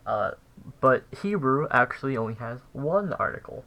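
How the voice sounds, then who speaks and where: A man giving a casual recorded language lesson, thinking aloud with pauses and restarts. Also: mid-range voice, very animated, vocal fry, fairly bright tone, poor audio. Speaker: language teacher.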